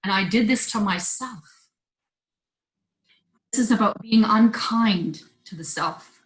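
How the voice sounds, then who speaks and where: A middle-aged woman hosting a healing circle over a video call, sharing tearfully in a soft, halting, heartfelt way. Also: medium pitch. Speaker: host of a women's healing circle. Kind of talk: emotional sharing in an online circle. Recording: roomy echoey sound.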